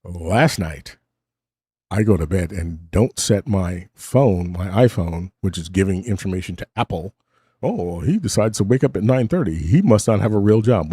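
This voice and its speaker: A man's voice: sits low, mellow, breathy edge, no echo. A middle-aged man hosting a late-night stream from his home studio, rambling casually, cutting himself off with wry asides, sounding short on sleep. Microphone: studio mic with cough button.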